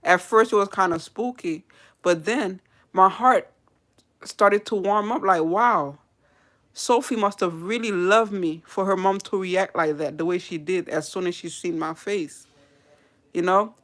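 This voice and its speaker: Bright-voiced woman telling a story. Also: mid-range voice, unhurried. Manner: chatty and candid, swears and laughs while telling a story. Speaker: hairdresser. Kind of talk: casual storytelling to a live audience.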